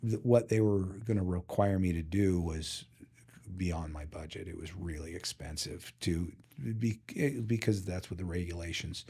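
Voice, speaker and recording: A man's voice: sits low, moderate pace, warm tone, breathy edge. A man being interviewed on a podcast, telling a long personal story in a casual way, acting out the dialogue with lots of fillers. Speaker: podcast guest, physical therapy company CEO.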